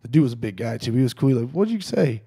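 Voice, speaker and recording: A middle-aged man in a casual podcast chat, telling animated stories and acting out what people said. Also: medium pitch, racing, breathy edge. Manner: animated storyteller acting out quoted dialogue.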